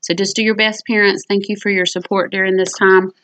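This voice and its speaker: A woman teacher speaking to parents in a calm, patient, reassuring way, showing how to help children read. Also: mid-range voice, brisk. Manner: acts out reading aloud with rising expression. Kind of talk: instructional talk to parents.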